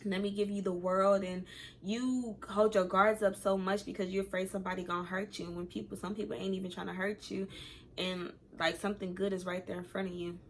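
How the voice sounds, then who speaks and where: Here a young adult woman, a vlogger, speaks briskly at a medium pitch over slight background noise. Her storytime is casual and meandering, with lively impressions of what everyone said.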